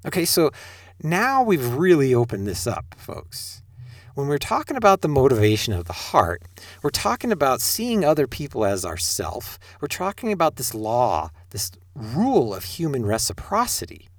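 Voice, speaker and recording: Middle-aged male preacher, animated delivery, rhetorical questions, dry close sound. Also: medium pitch, moderate pace, no echo. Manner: rhetorical questions, addresses listeners directly. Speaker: spiritual teacher. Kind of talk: sermon-style talk.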